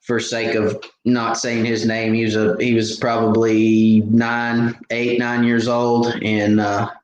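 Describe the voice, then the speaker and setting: A man's voice: fairly low pitch, monotone, takes it slowly, dull audio. A man in his thirties chats through a live fishing Q&A in a loose, folksy ramble full of fillers and restarts. His voice rings around an echoey room, with a faint noise underneath. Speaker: fishing channel host. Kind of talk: casual live stream chat.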